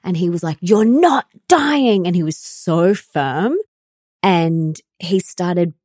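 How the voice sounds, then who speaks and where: Woman, 30s, podcast host recounting a personal story, earnest, low mellow voice, dry close sound. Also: steady tone, slow pace, no room sound. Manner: earnest, emotional, many fillers like "like".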